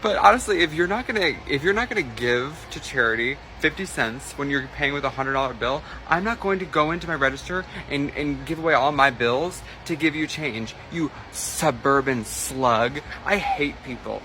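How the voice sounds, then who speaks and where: A man's voice: on the high side, expressive, normal speed, hardly any pauses, bright, forceful tone. Young guy vlogging on his phone, blunt and sweary, flips from jokes to venting, bit of street noise. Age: 20s. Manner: candid, swearing, jumps between joking and venting. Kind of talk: casual vlog talk to camera. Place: out and about, car and stores.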